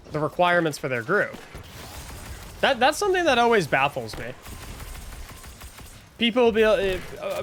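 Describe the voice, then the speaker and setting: A man's voice: high voice, a bit bright, a little hiss or hum. A young man streaming, ranting in a casual, exasperated way, often restarting and repeating words. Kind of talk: casual livestream rant.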